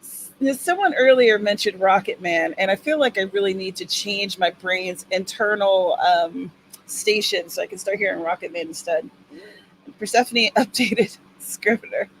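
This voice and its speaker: A woman's voice: mid-range voice, moderate pace, fairly bright tone, slight background noise, rough recording. A woman hosting a writing-sprint livestream in casual chat, upbeat and cheering viewers on by name.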